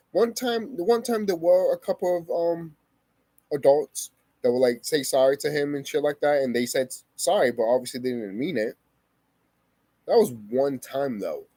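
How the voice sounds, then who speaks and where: A man's voice: fairly high pitch, dark tone, dry recording. A young man vlogging a heated personal story, swearing often and repeating himself for emphasis. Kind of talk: emotional personal storytelling to camera.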